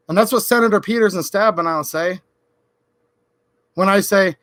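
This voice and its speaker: A man's voice: high-pitched, steady tone, normal speed, pauses often, fairly bright tone, dry recording. A man from Michigan ranting sarcastically on a late-night political livestream. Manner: ranting, sarcastic, mocks senators in quoted voices. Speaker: political YouTuber.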